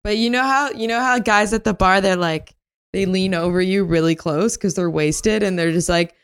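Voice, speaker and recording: A woman guest in a comedy chat, telling stories in an animated way. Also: mid-range voice, normal speed, clean tone. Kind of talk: casual comedic banter.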